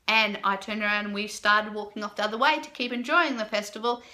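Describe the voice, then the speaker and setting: Bright, chatty young woman. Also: a little fast. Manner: chatty and animated, many fillers, jumps up high for her own reactions. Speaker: vlogger. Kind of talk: casual storytelling to camera.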